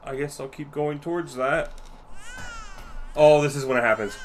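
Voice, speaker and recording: A man's voice: mid-range voice, moderate pace, a bit bright, a little hiss or hum. A man streaming himself playing a horror game, reacting with panicky, profane outbursts and frightened yelps. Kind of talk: live horror game commentary.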